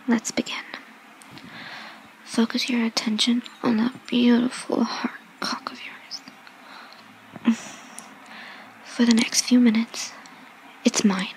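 Slow whispered role-play by a woman. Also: a little high, darkish tone, a little hiss or hum, poor audio. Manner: slow, teasing, commanding whisper.

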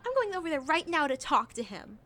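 A bubbly young college girl, played by a woman, gushes in a high, lively voice. She swoops up and down as she pours out her feelings. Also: a little fast, full character voice. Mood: gushing. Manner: gushing, effusive. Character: bubbly, emotional young female college student.

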